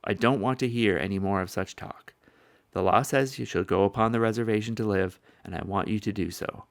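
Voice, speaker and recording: A commanding army general, curt and overbearing, speaks in a low, gravelly voice, as a man puts him on in a storybook reading. The sound is close and dry, with no room around it. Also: a little fast, no echo. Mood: stern.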